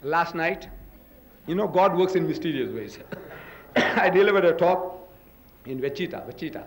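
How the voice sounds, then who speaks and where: High-voiced older man lecturing. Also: lively intonation, moderate pace, slight background noise, rough recording. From South Africa. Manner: emphatic, rhetorical questions, mimics chants. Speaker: religious lecturer. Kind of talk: public lecture to an audience.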